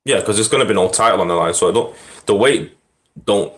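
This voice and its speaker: Man, low-pitched voice, relaxed podcast chatter, easygoing storyteller. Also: fast, rough recording. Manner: laid-back storytelling, frequent laughs and fillers. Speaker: podcast co-host. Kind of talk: casual chat about MMA.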